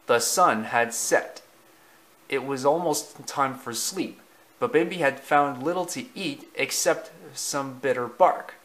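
A man narrating a storybook slowly and deliberately, with small slips in the reading. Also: medium pitch, fairly bright tone, poor audio.

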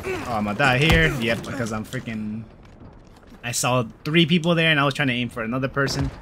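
A young man giving casual, slangy gameplay commentary, swinging between mumbles and loud excited outbursts. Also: mid-range voice, fairly quick, background noise. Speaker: gamer. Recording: game gunfire loud behind voice.

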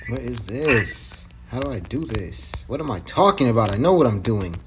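A man chatting casually while playing a video game, excitable and profane, often yelling at other players. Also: mid-range voice, moderate pace, noisy background. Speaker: gamer streaming with a friend. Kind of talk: casual gaming chat.

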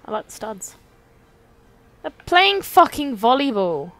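A young woman commentating on a video game, excitable and quick to swear, her pitch bouncing all over the place. She chats to the characters as if they could hear her, in a loose, casual way. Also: no echo. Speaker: let's play host.

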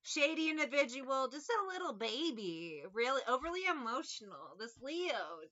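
Sharp, high-voiced woman, profane and mocking, reading tarot casually. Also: very animated, moderate pace, muffled recording. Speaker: tarot reader.

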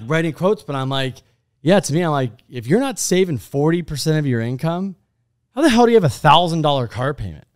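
A man co-hosting a podcast, rambling through animated stories with lots of restarts and asides. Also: mid-range voice. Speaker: podcast co-host. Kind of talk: casual chat.

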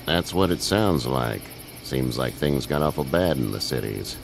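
A weathered older farmer in a video game, with a very deep, gravelly voice that swings widely in pitch. He speaks in a slow, folksy, measured way, wary but kind. Loud cricket noise sits behind the game audio. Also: animated, heavily acted. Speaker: farmer offering shelter. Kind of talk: game voice acting. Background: crickets and night ambience.

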